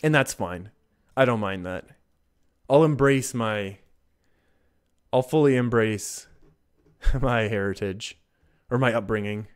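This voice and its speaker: A man's voice: on the low side, slow pace, long pauses, clear, resonant tone. A man with a Canadian accent giving casual, chatty commentary while streaming a card game. He often chuckles at himself and restarts his sentences as he talks to his chat.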